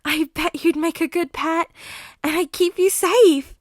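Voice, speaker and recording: A woman's voice: extremely high pitch, unhurried, dry recording, clean studio sound, pitched above the performer's own voice. A woman voicing an unhinged, teasing villainous teenage boy in a fan audiobook reading. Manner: sing-song, teasing, unsettling.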